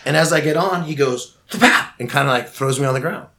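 A middle-aged man spins a rambling tale as a podcast guest. He swears freely and gets animated, and he keeps repeating and restarting his words at a middling pitch. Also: fast talker, vocal fry. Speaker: guest musician. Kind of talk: casual storytelling.

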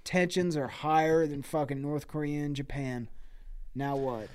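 A man's voice: fairly high pitch, steady tone, unhurried, darkish tone, smooth. A man on a comedy podcast telling an improvised, profane story in loose slang. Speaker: podcast co-host.

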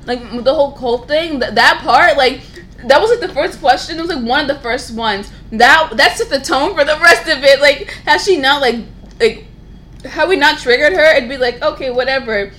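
A young woman co-hosting a casual chat, retelling events in a quick, chatty way with laughter. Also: high-pitched, a bit bright, slight background noise. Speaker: podcast co-host.

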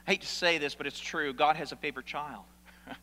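A man preaching a sermon as pastor, animated, asking rhetorical questions and swinging between loud and hushed. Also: on the high side, a little fast. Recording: long reverb of a large hall.

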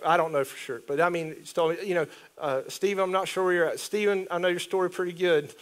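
Preacher, male, higher voice, animated and chatty delivery to a congregation. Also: quick pace. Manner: conversational, animated preaching with asides and laughs. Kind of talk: sermon.

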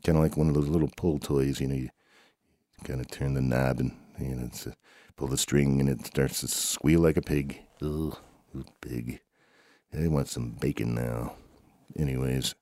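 Super deep guy goofing around telling a made-up story, rambly banter, dry sound. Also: steady tone, moderate pace, mellow, dry recording. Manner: rambling, playful banter between characters. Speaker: home show storyteller. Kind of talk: improvised comic storytelling.

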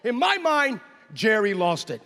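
Animated pastor in a reverberant hall. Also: male voice, high voice, a little slow. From United States. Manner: animated, acts out scenes and voices, loud exclamations. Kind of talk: storytelling sermon.

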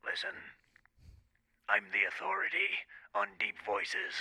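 A man doing an impression of a gruff action-movie tough guy, delivering deadpan threats. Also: on the high side, no echo, heavily acted, low-quality recording. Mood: smug. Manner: menacing, slow, deadpan threats.

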